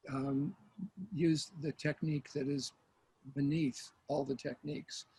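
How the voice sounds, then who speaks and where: An older man, a mediator, speaking as a guest in an interview in a thoughtful, measured way. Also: fairly high pitch, flat delivery, mellow, breathy edge, low-quality recording. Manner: thoughtful, measured, with frequent fillers. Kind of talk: conversational interview.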